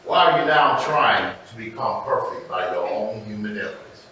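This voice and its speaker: A man preaching a sermon as pastor, telling stories and calling out "amen?" to the congregation, swinging between loud and soft. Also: on the low side, animated, moderate pace, a little hiss or hum. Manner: call-and-response preaching, repeating "amen?"; storytelling preacher with sudden loud and soft turns. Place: church sanctuary. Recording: echoey church hall, mic at a distance. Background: congregation responding.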